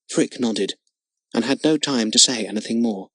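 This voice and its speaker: A man's voice: medium pitch, normal speed, no room sound. Man reading a children's storybook aloud. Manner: expressive, dramatic reading. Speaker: audiobook narrator. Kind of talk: storybook narration.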